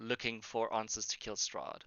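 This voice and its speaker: Bright-voiced man running a tabletop game. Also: fairly low pitch, flat delivery, normal speed, clean tone, dry recording, highs cut off. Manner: hesitant, with fillers and restarts while describing. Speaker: game master.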